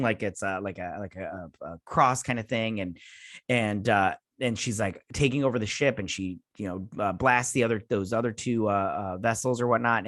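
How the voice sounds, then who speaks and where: A man's voice: medium pitch, a bit bright, no room sound. Guy rambling thru a show review, um and like everywhere, dry close sound. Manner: rambling, filler-heavy, self-interrupting. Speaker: show host. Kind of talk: casual episode review.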